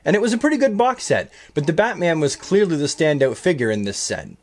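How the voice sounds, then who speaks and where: Upbeat man hosting a toy showcase, slightly high voice that bounces up and down a lot. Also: big pitch swings, fairly quick. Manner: chatty, upbeat and pun-loving. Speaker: toy collector reviewing custom action figures. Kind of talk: enthusiastic toy showcase narration.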